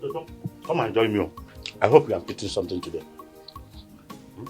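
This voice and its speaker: A Nigerian actor playing a tired husband and brother who keeps pleading with his wife and sister to calm down. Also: lowish voice, brisk, faint music behind. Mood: coaxing. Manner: soothing, repeats calm-down pleas. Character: weary middle-aged husband pleading for family peace. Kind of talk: Nollywood film acting.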